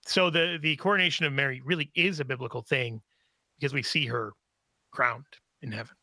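A man who is a regular guest on a radio talk show, telling stories in an animated way and laughing often. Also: mid-range voice, a little fast, no room sound.

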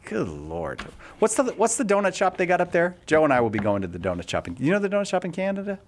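A man's voice: high voice, fast, a little hiss or hum. A man hosting a live call-in radio show in a studio, talking in a jokey way and reading out the call-in number. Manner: jokey, animated, reads out phone number.

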